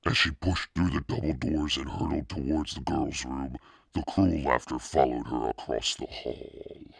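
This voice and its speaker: A man reading a children's story aloud in a steady, expressive narration. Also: very deep voice, unhurried, gravelly, slightly rough, dry recording, clean studio sound. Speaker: audiobook reader.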